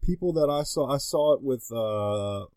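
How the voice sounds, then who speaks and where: A man's voice: mid-range voice, lively intonation, moderate pace, mellow, no room sound. A man guesting on a podcast, chatting casually and rambling with lots of fillers and restarts. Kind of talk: casual chat.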